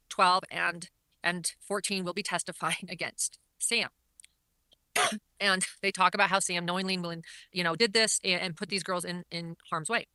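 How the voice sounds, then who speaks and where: A woman's voice: fairly low pitch, sharp tone, clean tone, no room sound. A woman commentator recapping a court hearing in an earnest, repetitive way, often restarting her sentences. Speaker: online commentator.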